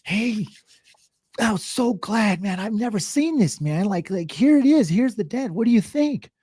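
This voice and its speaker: A man voicing an anxious male customer who talks fast and high-pitched. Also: animated, mellow, husky, no room sound. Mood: eager. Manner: high-pitched, rapid and panicky. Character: flustered male car-owner customer, anxious.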